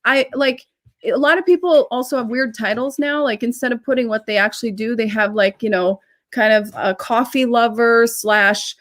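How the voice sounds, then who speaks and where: A woman coaching on business networking in a casual live-stream chat over a video call, talking in quick asides full of fillers. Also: on the high side, a bit bright.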